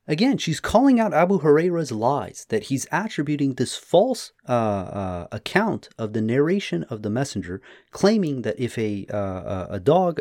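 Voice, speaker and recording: A man talks through old reports in a casual lecture style. His voice sits somewhat high and moves through a very lively range. He paraphrases freely, acting out the quoted people, and fills pauses with frequent ums. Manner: paraphrases texts with animated retellings and frequent fillers. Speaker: religious commentator.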